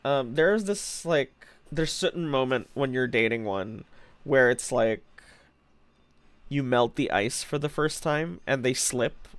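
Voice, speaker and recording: A man's voice: mid-range voice, animated, slow pace, clear, resonant tone, no echo. A young man streaming live, chatting playfully with his viewers and laughing often. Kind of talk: casual live-stream chat.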